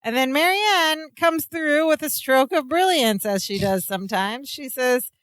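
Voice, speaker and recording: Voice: sits high, expressive, unhurried, fairly bright tone, no room sound. A podcast co-host narrating episode plots steadily in casual chat, adding dry asides.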